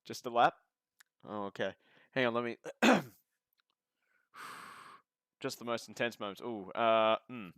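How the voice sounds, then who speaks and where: A man's voice: medium pitch, measured pace, long pauses, a bit bright, smooth, no room sound. Male host of a racing stream, casual and jokey, dry sound. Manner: chatty, joking, talks to chat. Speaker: race commentator and streamer. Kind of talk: casual live sim racing commentary.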